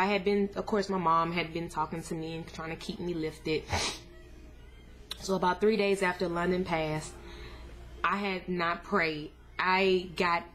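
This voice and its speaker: A young woman speaks candidly to her viewers in a fairly low voice, recounting a hard personal story in an earnest, plain-spoken way. Her pitch jumps up sharply when she relives moments of anger. A faint background hum sits under the voice. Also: fairly bright tone. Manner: casual, addresses viewers as y'all. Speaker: vlogger sharing a family update. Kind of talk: emotional personal storytelling to camera.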